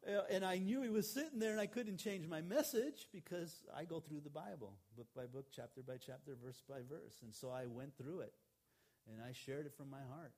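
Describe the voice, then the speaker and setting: A man's voice: fairly high pitch, animated, moderate pace, a little mellow. A middle-aged man, a pastor, preaching a sermon in a conversational storytelling way, retelling a conversation with quoted lines.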